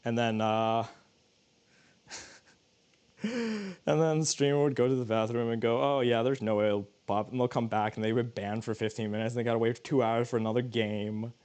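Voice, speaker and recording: A man's voice: medium pitch, normal speed, long pauses, darkish tone, smooth. Rambling, joking male streamer. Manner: rambling, joking, many restarts. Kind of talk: casual livestream cooking chat.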